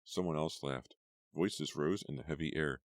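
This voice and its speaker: A man narrating a horror audiobook in a measured, suspenseful reading. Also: very deep voice, dry recording. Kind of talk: scripted narration.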